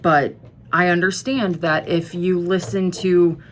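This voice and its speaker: A woman's voice: on the low side, steady tone, slow. A woman talking in a casual music-commentary vlog, blunt and profane, rambling with asides and self-corrections. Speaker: music vlogger.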